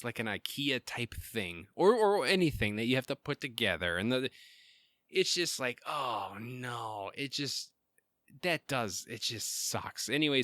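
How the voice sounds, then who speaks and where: A man's voice: medium pitch, sharp tone, smooth, dry recording, clean studio sound. A man, hosting a podcast in a casual, rambling way, full of fillers and restarts. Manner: rambling, lots of fillers and restarts, laughs often. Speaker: podcast host.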